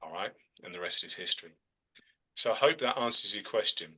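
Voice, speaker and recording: A trance medium answers his students' questions during a relaxed video-call lesson, chatting freely and often checking in with "all right?" His voice is on the low side, brisk, pushed and bright with lively intonation, on a low-quality recording.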